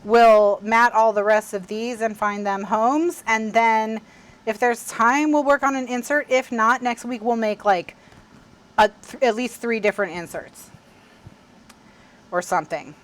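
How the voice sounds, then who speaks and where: Slow, higher-pitched woman host, chatty crafting stream with frequent laughs. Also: fairly even intonation. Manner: chatty, apologetic, laughs often. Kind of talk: casual crafting livestream chat.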